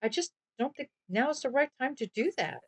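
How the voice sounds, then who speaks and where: A woman voicing a gentle young woman in love, speaking in a lifted, soft tone in a video game story. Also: sits high, expressive, a little fast, husky, voice pushed up. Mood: tender.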